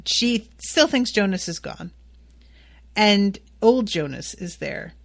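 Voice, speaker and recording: Slow-talking woman podcast host. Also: mid-range voice, animated, vocal fry. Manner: candid, swears, exasperated asides. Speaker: podcast host recapping a TV series. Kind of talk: solo episode recap.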